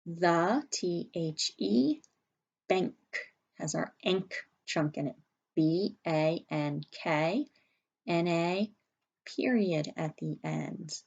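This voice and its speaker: A woman's voice: on the low side, gravelly, a little mellow, husky, highs cut off. A woman teaching a spelling lesson to young children, carefully sounding out letters and words at a whiteboard. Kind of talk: early-grade spelling lesson.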